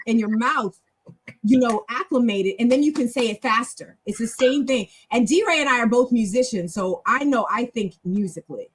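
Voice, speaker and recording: A woman's voice: fairly high pitch, normal speed, husky, low-quality recording. A woman hosting a language club, teaching in a chatty, encouraging, long-winded way on a casual live stream.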